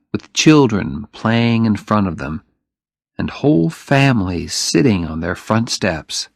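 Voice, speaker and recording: A man reading a story aloud for English learners, slow and deliberate. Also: fairly low pitch, gravelly, dry recording, clean studio sound. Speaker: narrator. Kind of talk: graded-reader audiobook narration.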